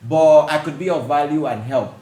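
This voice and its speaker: This podcast host has a slightly high voice and talks at a normal speed. He tells stories with lots of energy and frequent laughter in a casual chat, and the room is echoey with a little faint noise.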